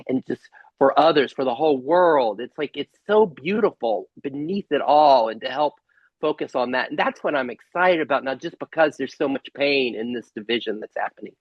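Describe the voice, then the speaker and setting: Husky-voiced man on a muffled call. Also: medium pitch, animated, dry recording. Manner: earnest, halting, many restarts, breaks into laughter. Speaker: host. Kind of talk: casual spiritual conversation.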